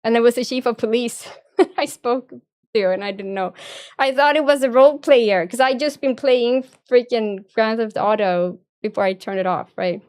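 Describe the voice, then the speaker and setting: Young woman streamer, higher voice, very clean and smooth, rambling and profane. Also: fairly even intonation, moderate pace, a little mellow. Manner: rambling, profane, laughs often. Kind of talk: casual storytelling.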